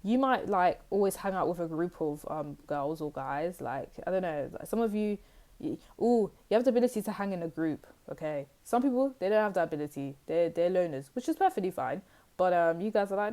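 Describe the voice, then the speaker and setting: Chatty low-voiced woman. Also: lively intonation, fairly quick, dark tone. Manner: chatty, rambling, lots of fillers and asides. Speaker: tarot reader. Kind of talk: casual tarot reading to camera.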